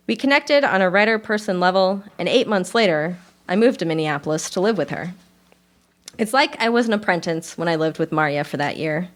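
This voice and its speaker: A woman author reading her personal essay aloud at a live reading, in a measured and expressive voice. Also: on the low side. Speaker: author reading own work.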